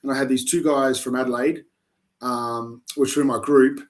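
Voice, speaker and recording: Young male interviewee from South Australia, animated storyteller, mid-pitched everyday voice, casual chat. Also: normal speed. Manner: animated storyteller with many restarts. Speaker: interview guest, army reserve recruit.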